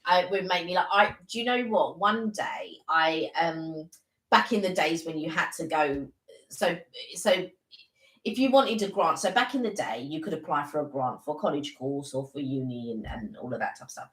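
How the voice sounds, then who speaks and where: Woman co-host, lower voice, rambling chatty anecdotes, echoey room. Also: moderate pace, fairly bright tone. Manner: rambling anecdotes with many fillers. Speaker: live stream co-host. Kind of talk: casual chat.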